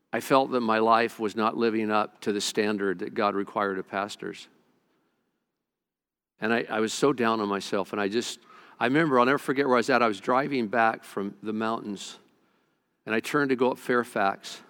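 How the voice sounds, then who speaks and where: A man's voice: on the low side, fairly bright tone. Earnest male pastor preaching a sermon. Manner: earnest storytelling with repeated stammered restarts.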